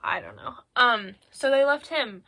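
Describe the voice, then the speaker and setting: A woman's voice: a little high, animated, a little slow, sharp tone. Chatty teenage girl retelling a myth. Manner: chatty and irreverent, heavy with filler words and asides. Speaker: student presenting a school project. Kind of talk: casual spoken recap in slangy storytelling. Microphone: phone.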